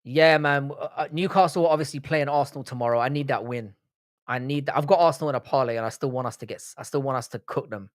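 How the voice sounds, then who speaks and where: A young man hosts a live stream in a mid-range voice, talking fast and bantering casually with chat while swearing freely and often restarting his sentences. The sound is studio quality with no echo.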